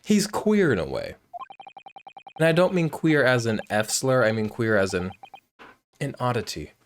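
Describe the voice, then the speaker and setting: Loud, joking man. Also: medium pitch, sing-song, unhurried, a little hiss or hum. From United States. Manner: loud, profane, joking asides. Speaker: let's play host. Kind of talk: casual game commentary.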